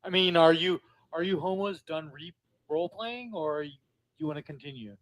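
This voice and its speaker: High-voiced man, aggressive and insulting. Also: moderate pace, fairly bright tone. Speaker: panel guest. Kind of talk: heated live-stream argument.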